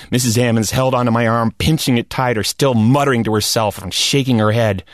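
Casting: expressive male storyteller, comic and animated, bone-dry close recording. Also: fairly high pitch, no echo. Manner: animated, comic, rising into shouts at wild moments. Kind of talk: spoken personal story.

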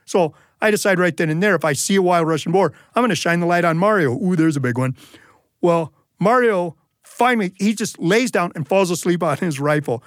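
A man tells a funny personal story, lively and animated, slipping into the voices of the people in it. His voice sits a little high, and the recording is close and dry with no room sound. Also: brisk, dry recording. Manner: humorous, animated delivery with acted-out quotes. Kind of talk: live storytelling performance.

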